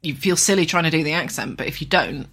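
A woman's voice: low-pitched, fast, a bit bright, breathy edge. A woman, co-hosting a podcast in casual chat with a dry, exasperated manner. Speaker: podcast co-host.

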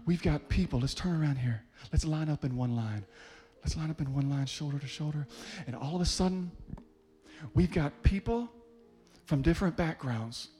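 A man preaches with rising fervor, his voice sitting a little higher than most. He calls out to the congregation in rhythmic bursts that swell into loud climaxes, with soft music faintly underneath. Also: moderate pace. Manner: leads the congregation, calling people up by name. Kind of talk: sermon.

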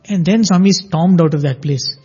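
Man, high voice, husky, mellow tone, storytelling, dull lo-fi sound. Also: moderate pace, faint music behind. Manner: animated, acts out quoted dialogue. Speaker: storyteller sharing a devotional anecdote. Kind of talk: conversational spiritual storytelling. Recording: dull lo-fi audio.

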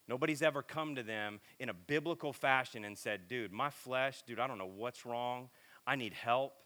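A middle-aged man preaching a sermon in a casual, animated, self-deprecating storytelling way. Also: fairly high pitch. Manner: animated, self-deprecating, lots of filler and repeats.

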